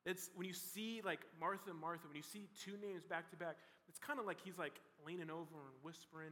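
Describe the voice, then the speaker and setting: Young guy youth pastor, high bright voice, chatty, lots of likes, big echoey hall. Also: steady tone, a little fast, hardly any pauses. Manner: casual and conversational, full of "like" and "you know". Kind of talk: youth sermon. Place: large church hall. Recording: reverberant hall.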